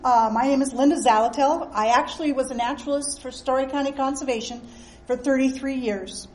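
A woman's voice: high voice, fairly even intonation, brisk, darkish tone. A woman in her sixties, a retired naturalist, starting an easygoing presentation to a group. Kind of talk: giving a presentation. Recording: distant field recording with faint noise.

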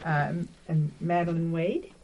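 Lowish-voiced woman co-hosting a radio show. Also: steady tone, slow, dark tone, muffled recording, slight background noise.

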